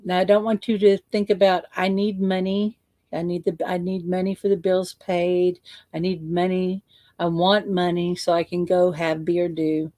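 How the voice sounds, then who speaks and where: A woman coach leading a guided visualization, slow and playful, repeating words for emphasis. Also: lowish voice, flat delivery, dark tone, no echo.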